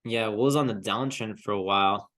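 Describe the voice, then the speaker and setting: Speaking fairly quickly in a low, slightly bright voice, this man goes over trading charts for his crypto vlog. He's easygoing and chuckles to himself, hesitating, trailing off and starting over as he works things out aloud.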